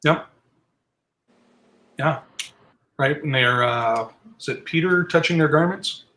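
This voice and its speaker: A man's voice: on the high side, slow, bright, forceful tone, rough recording. A man leading a casual group Bible study, explaining scripture conversationally with asides.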